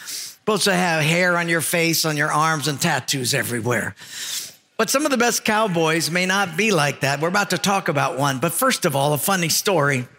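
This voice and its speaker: A middle-aged male pastor preaching a folksy, animated sermon, telling funny stories and acting out their voices. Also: on the high side, normal speed. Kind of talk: sermon with storytelling. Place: church hall. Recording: long reverb of a large hall, music faint behind.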